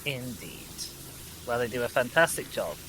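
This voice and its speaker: A man's voice: mid-range voice, expressive, moderate pace, sharp tone, slight background noise, low-quality recording. A man chatting with a friend while playing a game together, in a wry and playful way. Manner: wry, playful, lightly sarcastic. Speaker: co-player. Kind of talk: casual gaming chat over voice call.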